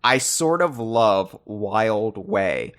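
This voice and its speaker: A man's voice: lowish voice, expressive, drawn-out words. A man hosting a podcast in casual chat, playful and chatty, trading trivia with his guest. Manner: playful, shouts bits of trivia as a running joke. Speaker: podcast host.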